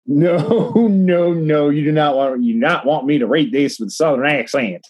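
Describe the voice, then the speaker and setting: Husky tipsy man reading news. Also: on the high side, measured pace, a little mellow, no echo. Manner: rambling, swears a lot, frequent restarts. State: tipsy from drinking. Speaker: podcast co-host reading news stories. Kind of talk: casual profane banter, reading articles aloud.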